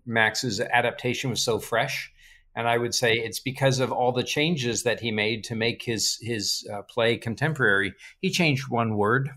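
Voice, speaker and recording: A man hosting a casual book discussion, summarizing chapters and reading quotes with lively emphasis. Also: medium pitch. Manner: relaxed, chuckling, reads quotes with animated emphasis.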